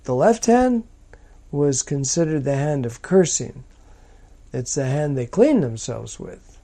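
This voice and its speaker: A man teaching from a psalm in a slow, deliberate, emphatic manner. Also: mid-range voice, lively intonation, gravelly, dark tone. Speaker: preacher.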